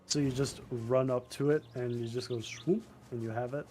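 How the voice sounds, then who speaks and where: A man's voice: medium pitch, fairly even intonation, moderate pace, dark tone, soft background music. A man chatting on a gaming stream, explaining things and laughing often. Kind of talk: casual gaming stream chat.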